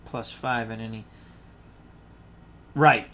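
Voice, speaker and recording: This time the play-by-play voice is on the low side and unhurried as a man narrates a tabletop baseball dice game. Chatty and excitable, he talks to chat viewers between rolls with rhymes and side comments.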